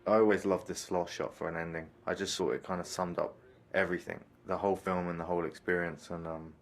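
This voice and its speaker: A man's voice: low voice, flat delivery, quick pace, a little hiss or hum. A man giving a reflective commentary on his own film, thoughtful and searching for words. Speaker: filmmaker giving a commentary track.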